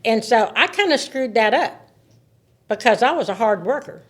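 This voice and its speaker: A woman in her seventies, a podcast guest, telling stories in a casual, animated way, laughing and repeating words as she talks. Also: fairly high pitch, moderate pace. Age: 70s. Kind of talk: casual storytelling.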